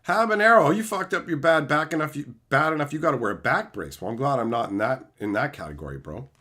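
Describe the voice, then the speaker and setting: A man ranting profanely on a livestream while reading chat comments, swinging between loud outbursts and low mutters. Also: lively intonation, quick pace. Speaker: streamer reading live chat. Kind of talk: livestream rant.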